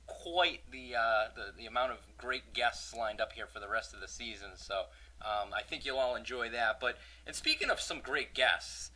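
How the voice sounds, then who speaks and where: Bright-voiced man hosting a podcast. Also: medium pitch, moderate pace. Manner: joking, ranting about a pet peeve. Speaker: podcast host. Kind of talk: casual podcast chat.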